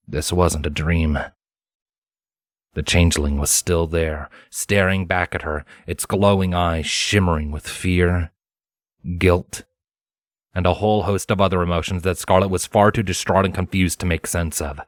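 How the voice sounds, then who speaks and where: A man reading fan fiction aloud in a measured, dramatic narration. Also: sits low, steady tone, no echo, studio quality. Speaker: fanfiction reader. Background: faint background music.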